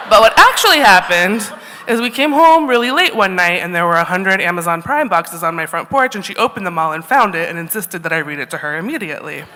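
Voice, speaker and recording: A woman tells a wry story to a live audience, her voice bright and full of swooping ups and downs. She laughs often between lines. The sound rings out with the long reverb of a big hall. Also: lowish voice, animated, fast talker. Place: stage in a large hall.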